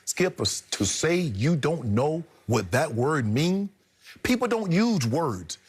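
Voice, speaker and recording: A man's voice: on the high side, very animated, slow pace, a little mellow, breathy edge. A man co-hosting a sports talk show, arguing emphatically in blunt, slangy debate commentary. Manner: emphatic, blunt, slangy, repeats points for punch.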